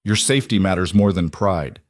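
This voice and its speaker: A man's voice: sits low, fairly quick, dry recording, studio quality. A man voicing a wry, protective single father in a narrated story.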